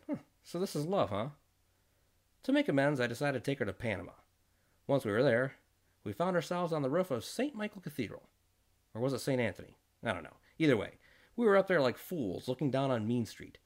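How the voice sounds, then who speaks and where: A man telling a comic first-person story, jokey and fast-shifting between voices. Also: mid-range voice, animated. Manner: jokey storytelling with quick voice switches.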